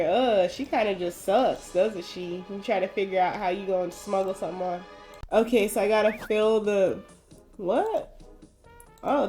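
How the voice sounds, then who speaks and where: A woman's voice: mid-range voice, mellow. A young adult woman giving casual, wry commentary as she plays a video game, thinking aloud as she goes. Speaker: gaming video host.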